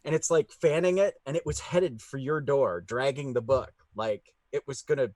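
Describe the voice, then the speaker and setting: Halting man running a tabletop game. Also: mid-range voice, darkish tone, no room sound. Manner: halting, full of fillers, laughs easily. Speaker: game master.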